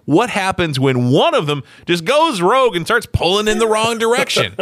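Middle-aged male co-host, animated storyteller with a wide-ranging voice, dry studio sound. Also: high-pitched, moderate pace, no room sound. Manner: animated storyteller, acts out quotes, laughs often. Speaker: podcast co-host. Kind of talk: casual chat.

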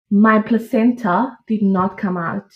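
A young woman casually telling her own birth story, animated and laughing as she acts out what she said back then. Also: mid-range voice, takes it slowly. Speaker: podcast guest. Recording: dull lo-fi audio.

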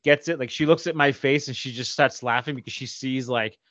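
A man co-hosting a podcast, telling stories in profane, animated casual chat and slipping into quick impressions. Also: mid-range voice, no room sound, highs cut off. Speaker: podcast co-host.

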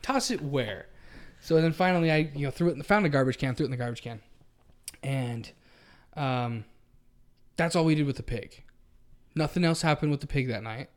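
A man's voice: on the high side, fairly quick, long pauses, clear, resonant tone. A man co-hosting a podcast, telling a long story in a casual, rambling way with frequent restarts. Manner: rambling, self-correcting storyteller. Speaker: podcast co-host.

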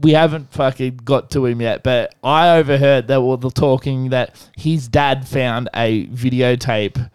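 A man's voice: mid-range voice, steady tone, a little slow, hardly any pauses, smooth, no echo. A young Australian man co-hosting a podcast, telling rambling crude stories, swearing constantly and laughing between lines. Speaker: podcast co-host. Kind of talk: casual crude storytelling.

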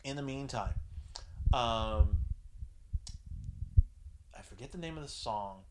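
A man hosting a podcast, telling a story in a casual, profane, animated way and acting out both sides of the dialogue. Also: mid-range voice, takes it slowly, noisy background. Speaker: podcast host.

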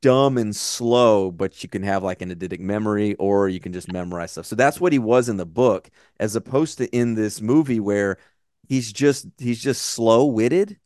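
Brief: low-voiced man co-hosting a film podcast, swears freely, rambles off on tangents. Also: moderate pace, darkish tone, no echo, studio quality. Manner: blunt, profane, rambling. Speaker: podcast co-host. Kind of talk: casual movie-review chat.

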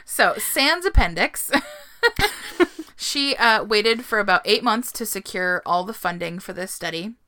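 A woman with a bright, forceful voice, chatting casually as a podcast co-host. She tells a story at an easy pace, laughs often and drops the occasional swear word. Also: mid-range voice, lively intonation, a little slow.

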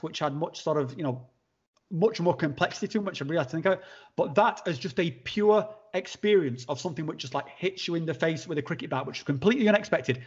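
A man, a podcast guest telling a long personal story in a halting way, with many restarts and fillers. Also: fairly high pitch, breathy edge. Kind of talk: conversational storytelling. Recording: dull lo-fi sound.

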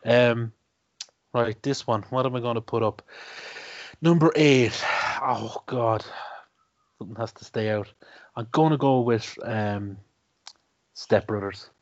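A man's voice: medium pitch, takes it slowly, long pauses. A man co-hosting a movie chat in an easygoing, joking way. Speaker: podcast co-host. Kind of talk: casual chat. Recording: dull, muffled audio.

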